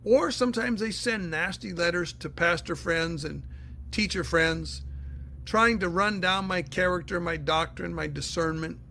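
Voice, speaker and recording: A man's voice: high-pitched, unhurried, vocal fry, bright, forceful tone, a little hiss or hum. A man teaching the Bible in a casual, earnest way, answering listener questions and explaining step by step.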